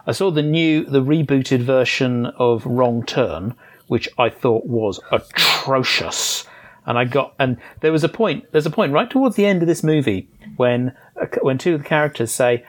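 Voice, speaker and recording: A man reviews films in a relaxed podcast conversation. His voice sits at an ordinary middle pitch. He sounds articulate and dryly scathing, measured even when he is cutting. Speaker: film critic on a podcast. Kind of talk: casual podcast film review chat.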